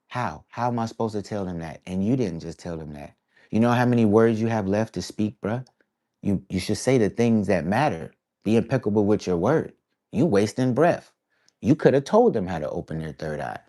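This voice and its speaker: A man with a fairly low voice speaks casually to camera as an artist sharing his thoughts. He rambles and reflects, drops slang like "bruh" and "y'all" throughout, and circles back on his ideas. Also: sing-song, normal speed, mellow. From East Coast of the United States. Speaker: artist vlogger.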